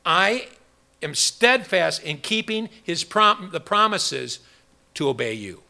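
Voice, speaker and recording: Gravelly, bright-toned man preaching a Bible study. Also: high-pitched, very animated, slow. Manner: rambling, restarts, quizzes the congregation. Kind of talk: interactive Bible study sermon.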